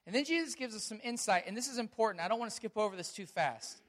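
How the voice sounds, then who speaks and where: This man, a pastor with a strikingly high voice, speaks fast as he preaches, opening with a lively family anecdote voiced through quoted exchanges before shifting into scripture, all in a captivating storytelling manner.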